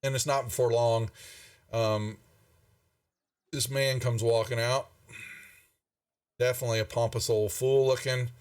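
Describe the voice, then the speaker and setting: A man's voice: medium pitch, level tone, measured pace, long pauses, recorded from a distance. A man running a tabletop game as game master, describing scenes in a loose, rambling way.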